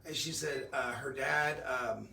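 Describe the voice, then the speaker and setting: A man's voice: medium pitch, takes it slowly, creaky, sharp tone, echoey room, far from the mic. A middle-aged man hosting a live jewelry sales stream, chatty and upbeat, weaving in personal stories. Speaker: shopping channel host.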